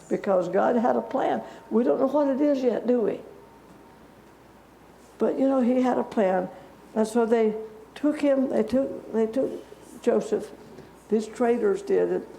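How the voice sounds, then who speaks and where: A woman's voice: a little high, a little slow, creaky, pauses often, dark tone, a little hiss or hum. A woman teaching a Bible story to children in a church, chatty and asking them questions. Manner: conversational, asks the children questions. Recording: echoey church room.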